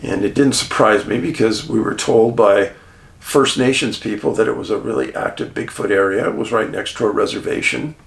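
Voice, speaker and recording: A man telling a behind-the-scenes story about a documentary shoot, animated and chuckling, with dramatic pauses. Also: on the low side, vocal fry. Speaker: documentary filmmaker recounting a shoot. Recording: roomy echo.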